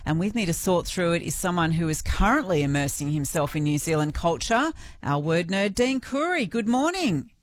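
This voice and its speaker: A woman's voice: lowish voice, lively intonation, moderate pace, hardly any pauses. A woman presenting a morning radio show. She talks in an upbeat, breezy way and laughs easily with her guest. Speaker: radio host.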